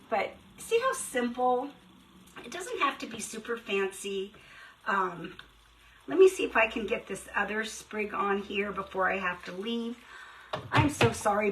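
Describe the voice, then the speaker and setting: A middle-aged woman hosting a casual live craft stream, chatty and rushed, greeting viewers by name. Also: fairly high pitch, a bit bright, distant mic, a little hiss or hum, low-quality recording. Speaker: craft shop host.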